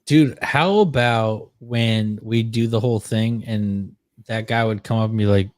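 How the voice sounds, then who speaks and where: A man's voice: on the low side, a little slow, few pauses, no room sound. A man co-hosting a podcast, joking and swearing in casual banter with friends. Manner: joking, profane, laughs a lot. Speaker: podcast co-host.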